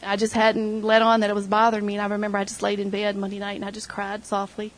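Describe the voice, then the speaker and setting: A woman's voice: medium pitch, completely flat delivery, quick pace, poor audio. A middle-aged woman sharing an emotional personal testimony with her church group, retelling conversations as she goes. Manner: emotional storytelling, quoting others.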